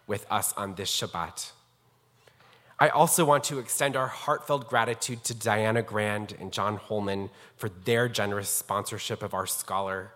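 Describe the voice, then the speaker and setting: Speaking in a fairly low, sharp-toned voice, a rabbi tells a personal story while introducing a guest scholar in a formal, earnest way. The setting is a synagogue sanctuary, heard with long hall reverb.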